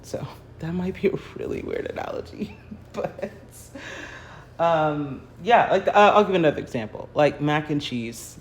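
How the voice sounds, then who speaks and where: A woman's voice: low voice, expressive, unhurried, a little mellow, a little hiss or hum. American woman, chatty livestream talk, rambling, laughs a lot, filler-heavy, phone mic in a garage. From United States. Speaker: artist hosting a livestream. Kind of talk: casual livestream chat while painting. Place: home garage, early morning.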